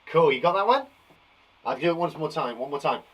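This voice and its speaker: Lively, encouraging male teacher. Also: a little high, slightly rough, low-quality recording. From England. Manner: lively, encouraging, sounds out letters slowly and stamps on sounds. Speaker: primary school teacher. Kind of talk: live phonics lesson for young children.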